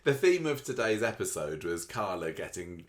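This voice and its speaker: A man with a very low voice co-hosting a casual podcast. He chips in with dry, wry remarks and laughs easily. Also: big pitch swings, normal speed. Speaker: podcast co-host. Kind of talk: casual chat.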